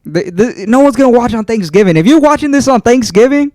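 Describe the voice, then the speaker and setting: A man's voice: very high voice, lively intonation, quick pace, a little mellow, no echo, clean studio sound. A man appearing as a podcast guest, chatting casually in a laid-back, joking, profane way. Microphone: studio podcast mic.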